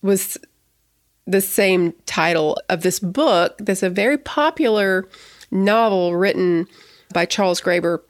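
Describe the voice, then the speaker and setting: A woman in her thirties hosts a podcast in a chatty, excitable voice that keeps restarting sentences. Her pitch sits in the middle range. The sound is dry and close. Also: slow, dry recording. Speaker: podcast host. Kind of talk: casual podcast chat.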